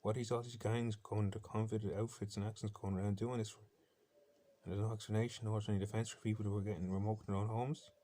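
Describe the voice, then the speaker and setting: A man's voice: fairly low pitch, little pitch movement, quick pace, dark tone. A man with an Irish accent delivering an intense, defiant, rambling personal monologue, with faint bird sounds from a laptop behind him.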